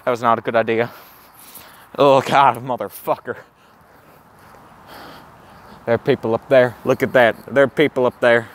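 A man doing a comedic walking vlog outdoors, gasping and swearing in awestruck excitement. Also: mid-range voice, moderate pace, long pauses, a little hiss or hum. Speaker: comedic vlogger in character. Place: outdoors, walking around a campus. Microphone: handheld camera.

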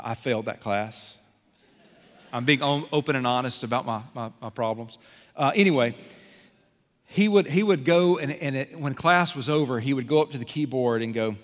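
A man preaching a sermon as pastor, animated and self-deprecating, swinging from soft to loud. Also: medium pitch. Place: large church sanctuary. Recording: long hall reverb.

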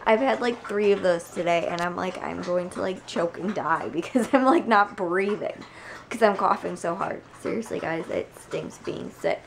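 A young woman vlogging casually at home, hoarse from a cold and chatting with lots of fillers. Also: lowish voice, moderate pace, slight background noise. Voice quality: gravelly. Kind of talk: casual chat to camera.

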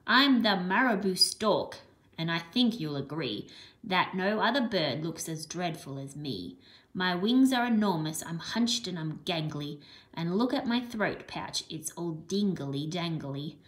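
A woman's voice: fairly low pitch, animated, measured pace, fairly bright tone, voice pushed down. A woman doing a grouchy old stork. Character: grouchy scruffy male marabou stork.

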